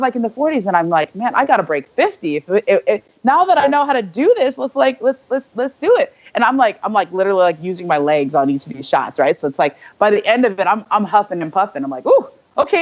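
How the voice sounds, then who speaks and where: A young woman co-hosting a podcast, telling a story in a casual, animated way, full of "like" and quick asides. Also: mid-range voice, highs cut off. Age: young adult. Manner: animated, filler-heavy storytelling with lots of "like". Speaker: podcast co-host.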